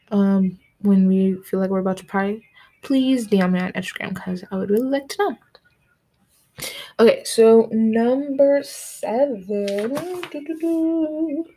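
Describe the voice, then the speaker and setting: This podcast host is an American teenage girl in her late teens, recording solo from her desk at home. She has a warm, mid-range voice and rambles casually, dropping "like" constantly.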